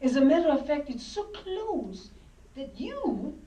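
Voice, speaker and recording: A woman voicing her proud, bossy mother with a French accent, giving brisk commands. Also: sits high, very animated, warm tone, reverberant, far from the mic, a little hiss or hum, rough recording.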